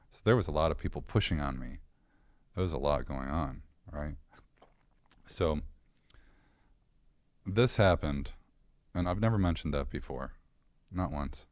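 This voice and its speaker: A man's voice: rumbling low, a little slow, pauses often, darkish tone, dry recording. A man as a podcast guest, earnestly and candidly recounting a personal story in a casual interview.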